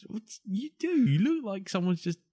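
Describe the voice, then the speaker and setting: A man's voice: high voice, sing-song, normal speed, warm tone, husky, no echo, studio quality. A man hosting a podcast, joking, swearing and teasing his co-hosts in casual banter. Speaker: podcast host.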